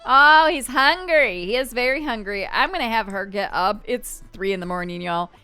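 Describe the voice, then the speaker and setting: A woman casually narrating a life-simulation game, chatty and expressive, talking to the characters and the game as she plays. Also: medium pitch, fairly quick, clean tone, faint music behind. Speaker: game streamer. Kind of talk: casual let's-play narration.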